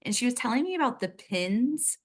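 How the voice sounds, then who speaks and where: A woman's voice: on the high side, very animated, brisk. An American woman talking as a podcast guest, candid and chatty, sharing personal stories in a casual conversation.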